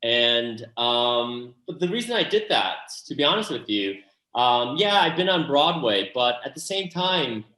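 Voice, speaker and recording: A man speaks as an interview guest, earnest and animated, often restarting his sentences and adding asides. His voice sits at an ordinary middle pitch. The room around him gives it a clear echo. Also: measured pace. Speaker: actor and playwright, interview guest. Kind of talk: candid interview answers.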